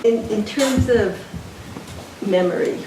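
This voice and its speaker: A woman's voice: a little high, slow. A woman author speaking at a live bookstore event, answering questions in a reflective, digressive storytelling way. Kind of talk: live onstage conversation. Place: bookstore event space with audience. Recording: very echoey room, mic far off, faint noise.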